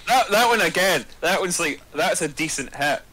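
A man's voice: moderate pace, rough recording. A man as a player in a tabletop game, muttering his dice rolls and chatting casually. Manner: relaxed, muttering dice rolls, jumpy pitch when excited.

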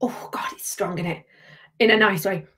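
Woman, livestream host, chatty and bubbly, mid pitch, casual live tasting banter. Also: fairly even intonation, normal speed, a bit bright, slightly rough. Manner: chatty, bubbly, reads out viewer comments.

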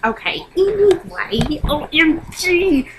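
Teen girl, webcam vlog at home, high-pitched, hyper and rambling. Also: very animated, slow pace, noisy background. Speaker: vlogger. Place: dark bedroom at home.

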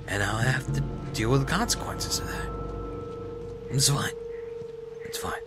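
A man giving let's-play commentary, taunting enemies with mock politeness and swinging between hushed whispers and loud yells. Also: mid-range voice, lively intonation, a little slow, long pauses, over music. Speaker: gaming commentator.

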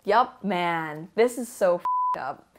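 A woman rambling casually about a book she loves, with an animated, gushing fan manner and frequent laughter. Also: lowish voice, slow pace, slight background noise. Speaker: book vlogger. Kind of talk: casual book review chat.

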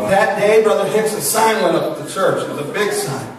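A man preaching a storytelling sermon in a church, animated and laughing, breaking into shouts. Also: high voice, a little fast, few pauses, a crowd in the background. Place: church sanctuary. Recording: echoey church from far off, noisy.

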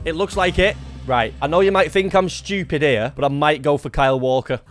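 A young man giving lively live commentary on his own gameplay, talking to himself and bursting into shouts. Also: a little high, a little fast, faint music behind. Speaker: gaming YouTuber.

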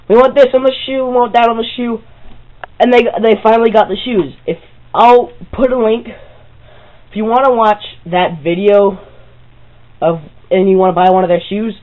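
Excitable high-voiced guy vlogging. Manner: excitable, rambling, addresses viewers directly. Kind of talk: casual rambling to-camera vlog. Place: own bedroom. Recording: slightly dull, lo-fi camera audio.

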